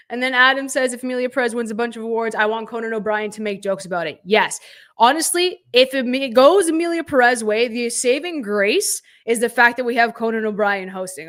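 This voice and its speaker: A young woman hosting a casual live reaction stream, opinionated and animated, reading out viewers' chat comments. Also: on the high side. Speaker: livestream host reacting to award nominations.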